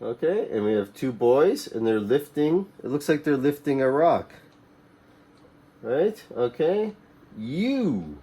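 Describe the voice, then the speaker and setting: A man teaching a children's English reading lesson, reading short phrases slowly and clearly for the class to repeat. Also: mid-range voice, expressive, dark tone.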